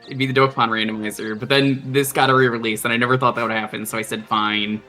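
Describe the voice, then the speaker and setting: A man from Long Island hosting a game stream who talks casually and breaks into profane, excitable rants. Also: medium pitch, rapid-fire, faint music behind. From Long Island, New York. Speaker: streamer host.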